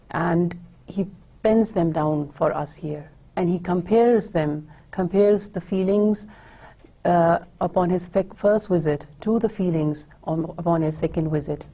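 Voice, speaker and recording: A woman lecturing on a poem in a steady, unhurried way, stopping often to rephrase. Her voice sits low and sounds husky and mellow, with a gravelly edge. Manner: measured, with frequent hesitations and restarts. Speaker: teacher.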